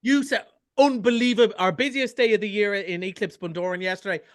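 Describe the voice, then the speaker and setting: Irish man, high voice, chatty film review on radio, enthusiastic, jokey. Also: steady tone. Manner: chatty, enthusiastic, quick asides and jokes. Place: radio studio.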